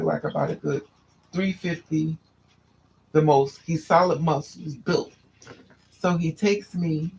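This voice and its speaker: Man, fairly high gravelly voice, recounting a painful past in a candid, halting way. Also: slight background noise, low-quality recording. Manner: candid, restless, repeats and restarts phrases. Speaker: storyteller. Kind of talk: personal storytelling to a listener.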